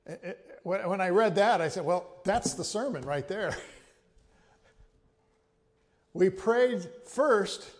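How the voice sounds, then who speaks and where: This pastor has a high, animated voice that trails into a long reverb. Preaching a sermon, he teaches carefully and measuredly, frequently backing up to restart or repeat a word before moving on.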